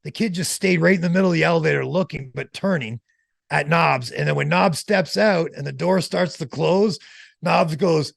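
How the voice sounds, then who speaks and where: Guy telling a wild story in an interview, really gravelly, dry close sound. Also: on the high side, normal speed, dry recording. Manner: animated anecdote-telling, slangy. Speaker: interview guest.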